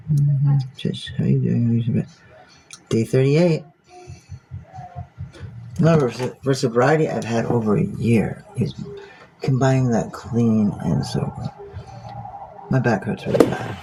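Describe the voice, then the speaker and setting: Gravelly man, mellow tone, rambling phone-livestream monologue, loose and profane, faint hiss behind. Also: medium pitch, rough recording. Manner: rambling, musing aloud, swears freely.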